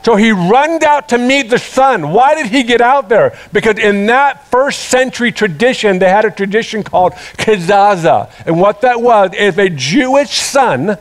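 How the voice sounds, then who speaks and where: High-voiced preacher telling a parable. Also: male voice, moderate pace, hardly any pauses. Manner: animated storytelling, acting out voices. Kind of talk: sermon.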